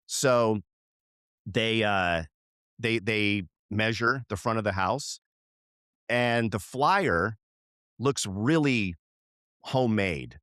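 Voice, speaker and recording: Middle-aged male podcast co-host, low-pitched, animated storyteller who acts out the lines of people in his story. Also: extremely slow, long pauses, clear, resonant tone, no echo, clean studio sound. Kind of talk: casual storytelling chat.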